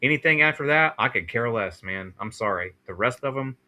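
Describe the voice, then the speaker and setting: A man's voice: medium pitch, animated, a little fast, pushed and bright. A man co-hosting a podcast, chatting in an easygoing way and often ending sentences with "man". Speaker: podcast co-host. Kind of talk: casual chat.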